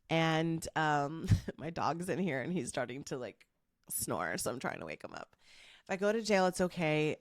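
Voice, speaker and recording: A woman podcast host telling a story in a monologue, acting out the quoted dialogue with lively energy. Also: low voice, dry recording, studio quality. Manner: animated, acts out quoted dialogue.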